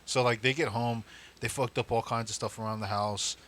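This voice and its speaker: A young man co-hosting a podcast, telling stories in a casual, animated way, swearing and laughing as he goes. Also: mid-range voice, brisk, a little hiss or hum. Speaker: podcast co-host. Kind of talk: casual storytelling chat.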